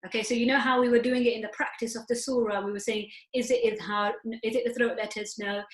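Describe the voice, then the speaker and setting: A woman teacher with a slightly high voice walks her students through each rule step by step, posing questions and answering them herself. Her patient lesson rings out in an echoey room. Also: flat delivery, fast. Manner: patient, step-by-step explaining with self-posed questions. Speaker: Quran recitation teacher. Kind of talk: tajweed lesson.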